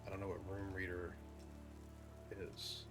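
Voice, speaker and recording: A man's voice: sits low, completely flat delivery, a little slow, over loud music. A man giving chatty gameplay commentary, thinking aloud and poking fun at himself. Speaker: gaming video host.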